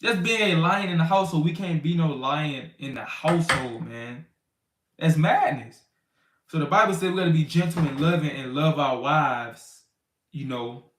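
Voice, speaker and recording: Guy teaching bible stuff real casual, kinda high voice, echoey room, keeps saying you know what im saying. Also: moderate pace, slight background noise. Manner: conversational, loose street talk with many "you know what I'm saying"; acts out quarrels in raised, shouting voices. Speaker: teacher of a congregation.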